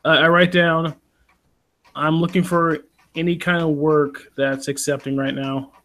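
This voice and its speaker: A man's voice: on the high side, level tone, a little slow, fairly bright tone. A man playing in a tabletop game, casual and hesitant, with many ums and restarts. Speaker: player.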